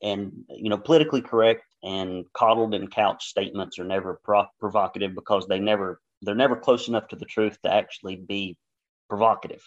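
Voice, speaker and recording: A man's voice: lowish voice, fairly even intonation, fairly quick. A man with a Southern US accent, a podcast guest giving blunt, opinionated answers. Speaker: podcast guest, business educator. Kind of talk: podcast interview. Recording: dull lo-fi sound.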